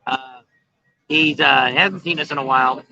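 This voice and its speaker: A man's voice: mid-range voice, steady tone, moderate pace, gravelly, sharp tone. A middle-aged man hosting a casual livestream from an outdoor patio, rambling in a folksy way with many fillers. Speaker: vlog host. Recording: dull lo-fi phone stream.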